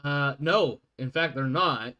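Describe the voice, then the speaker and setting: Brief: a casual, somewhat high-voiced man running a tabletop game, joking at himself. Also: takes it slowly, bright, forceful tone. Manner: chatty, self-deprecating, laughs often. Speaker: game master.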